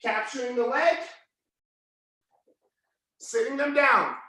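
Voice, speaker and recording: A man teaching a live online jiu-jitsu class, yelling his coaching cues as he walks students through each move. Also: very high voice, slow, heavy reverb.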